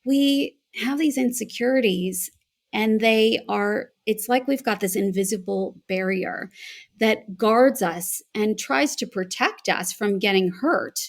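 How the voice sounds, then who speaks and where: A voice and accent coach from the United States, speaking with an American accent in a mid-range voice, tells a reflective story at a slow pace. She's a guest in an interview, answering conversationally.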